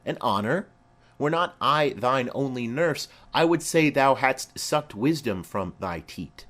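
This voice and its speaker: A man's voice: mid-range voice, animated, a little slow, fairly bright tone, pitched above the performer's own voice. A man reading the part of a garrulous old female nurse who rambles on with chatty asides.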